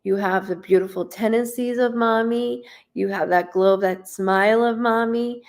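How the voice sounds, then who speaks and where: A woman's voice: on the high side, fairly even intonation, normal speed, creaky. A woman in her thirties giving a live psychic reading, chatty and rambling as she relays messages. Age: 30s. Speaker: psychic medium.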